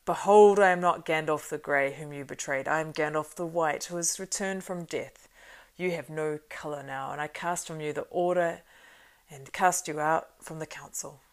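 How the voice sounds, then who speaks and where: A woman reading the part of a stern, commanding old male wizard in an audiobook, grave and measured, with a low, gravelly voice.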